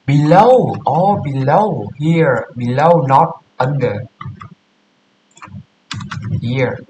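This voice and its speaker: Slow, halting man in an echoey room. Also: mid-range voice, lively intonation, dark tone. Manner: halting, repeats and corrects words while thinking aloud. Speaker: coding tutor. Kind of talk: casual screen-share coding walkthrough. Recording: roomy echo with faint hiss.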